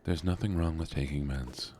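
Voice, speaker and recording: A tired, soft-spoken man streaming from home, chatting in a groggy morning voice with drifting pauses. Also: very deep voice, faint music behind.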